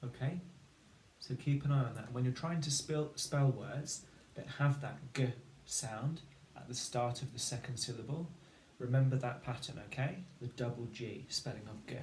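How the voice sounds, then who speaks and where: A man's voice: medium pitch, normal speed, darkish tone. A man teaching a phonics lesson, patiently sounding out letters and words. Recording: echoey room, faint background noise.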